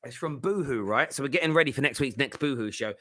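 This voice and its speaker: A man's voice: medium pitch, lively intonation, fast, sharp tone. Chatty man in his thirties. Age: 30s. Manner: chatty, laughs often, rambling asides. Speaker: host. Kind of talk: casual chat.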